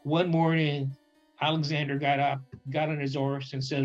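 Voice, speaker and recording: A man casually telling a history story with humor, acting out characters' lines in quick voices. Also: medium pitch, muffled recording, faint music behind. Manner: animated, acts out quotes in voices, restarts often. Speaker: podcast co-host.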